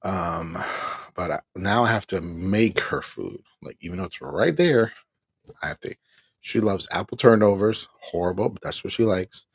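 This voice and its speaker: A middle-aged man hosting a livestream, talking in a weary, exasperated way with a husky voice and rueful laughs while he reads the chat. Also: deep voice, expressive, moderate pace, no room sound, clean studio sound. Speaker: livestream host. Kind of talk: venting on a livestream, reading chat.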